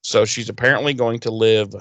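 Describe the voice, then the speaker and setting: In a dry recording, a man with a medium-pitched voice talks at a moderate pace as he co-hosts a podcast. He recaps a TV episode in casual chat, swearing freely and animatedly acting out the characters' lines.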